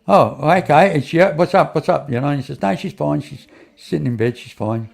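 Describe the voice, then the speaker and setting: A man's voice: on the high side, lively intonation, fairly quick, gravelly. An older man tells a long personal story as an interview guest. He rambles, repeats phrases and restarts often, and acts out the lines of the people in his story.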